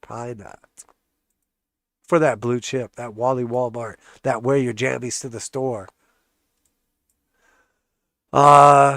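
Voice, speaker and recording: A man's voice: fairly high pitch, clear, resonant tone, dry recording, clean studio sound. A man with a congested, stuffed-up voice hosting a live trading stream, walking through charts in a casual, joking way. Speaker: trading channel host.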